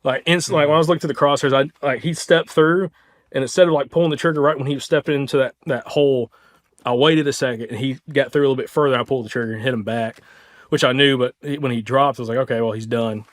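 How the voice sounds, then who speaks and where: A man with a Southern US accent, hosting a podcast, tells a hunting story in an excited, casual way, full of "like" and "dude". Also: mid-range voice, quick pace. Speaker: podcast host.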